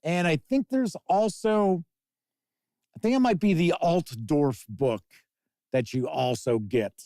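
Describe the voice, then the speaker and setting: A man hosts a live tabletop gaming news show, reading out releases and tossing in his own chatty asides to the chat. His voice sits a little high for a man. The sound is dry and close, with no room around it. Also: lively intonation, takes it slowly, warm tone, no room sound. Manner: chatty, reads news then riffs on it, answers chat comments. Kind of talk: casual live-stream news commentary.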